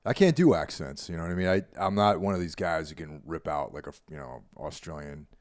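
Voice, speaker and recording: Deep-voiced New Yorker, dry and laid-back. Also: male voice, lively intonation, a little fast, no echo. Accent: New York. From Carmel, New York. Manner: laid-back, rambling, trailing off quietly. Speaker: podcast co-host. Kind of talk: casual chat.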